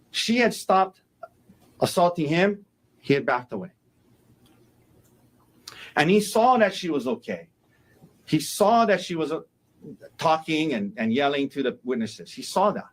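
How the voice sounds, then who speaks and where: A man, a defense attorney, giving a courtroom opening statement, emphatic and repeating key phrases for effect. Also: a little high.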